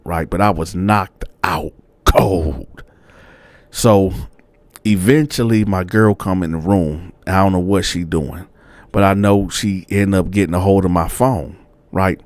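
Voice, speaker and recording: A man's voice: low-pitched, unhurried, dry recording. A man casually telling a story to his viewers in slangy, colloquial speech, addressing them as y'all. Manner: animated, addresses audience as y'all. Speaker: storyteller host.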